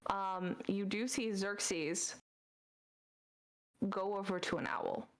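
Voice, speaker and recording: A woman's voice: mid-range voice, fairly even intonation, slow pace, rough recording. A woman narrating as game master in a loose, casual way with lots of fillers.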